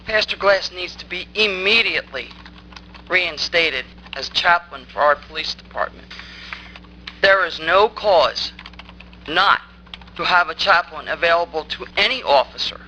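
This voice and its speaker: A woman's voice: on the low side, lively intonation, unhurried, pushed and bright, slight background noise, rough recording. Angry woman berating a town council. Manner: angry, accusing and insistent. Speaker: resident speaking at public comment. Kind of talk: public comment at a council meeting. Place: town council meeting room.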